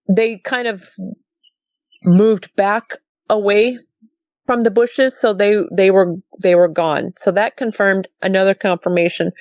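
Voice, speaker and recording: A woman's voice: mid-range voice, no room sound. A middle-aged woman from Montana, a guest in an interview, telling her story casually and acting out the dialogue with animation. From Montana, USA. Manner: animated, acts out quoted dialogue with repeated "she goes". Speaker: guest recounting a sighting.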